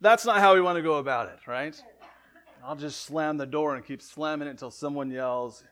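A man preaching a sermon in a conversational way, often asking "right?", correcting himself, and swinging between loud emphatic lines and quiet ones. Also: on the high side, normal speed. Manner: conversational, frequent "right?" asides and self-corrections. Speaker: pastor.

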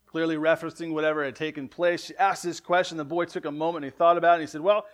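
A man preaching a sermon in a conversational way, often asking "right?", correcting himself, and swinging between loud emphatic lines and quiet ones. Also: a little high, flat delivery, rapid-fire. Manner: conversational, frequent "right?" asides and self-corrections. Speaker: pastor.

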